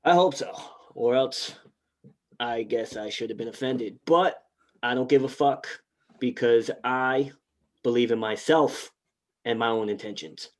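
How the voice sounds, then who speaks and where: A man co-hosting a casual podcast, talking in quick, animated bursts like a phone salesman. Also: mid-range voice. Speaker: podcast co-host.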